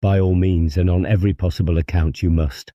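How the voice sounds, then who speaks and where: Guy doing a cool scheming doctor, super deep, dark voice, measured and coaxing. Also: fairly even intonation, no room sound, highs cut off. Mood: calm. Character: cold scheming male doctor, calm and persuasive.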